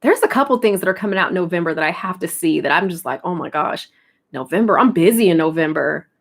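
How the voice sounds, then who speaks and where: A woman's voice: on the low side, animated, quick pace. Laughing, chatty young American woman. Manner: laughs often while telling stories. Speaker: streamer. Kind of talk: casual chat.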